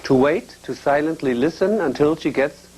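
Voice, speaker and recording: Male teacher, upper-pitched, explains step by step and checks in with the class. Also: normal speed, darkish tone, a little hiss or hum, poor audio. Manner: explains step by step, often checks with a questioning "yeah?". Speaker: astrology teacher.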